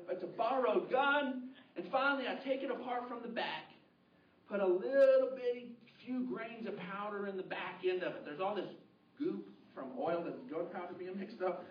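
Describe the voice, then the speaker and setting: A man preaching a sermon as pastor, telling a story with lively, shouted bursts. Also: extremely high pitch, slight background noise. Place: church hall. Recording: roomy, muffled, distant hall audio.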